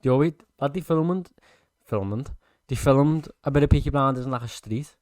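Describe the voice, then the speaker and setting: Excitable young Liverpool man, close and dry. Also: mid-range voice, moderate pace, dry recording. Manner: blunt, excitable, sweary banter. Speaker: podcast host. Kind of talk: casual chat.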